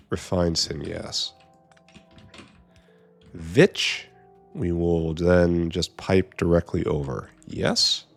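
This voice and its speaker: A deep-voiced man talks his way through a long gameplay session at an unhurried pace, half to himself. His commentary is casual and dotted with dry, wry asides. Keyboard clicks and typing sit behind him. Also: creaky. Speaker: gameplay streamer.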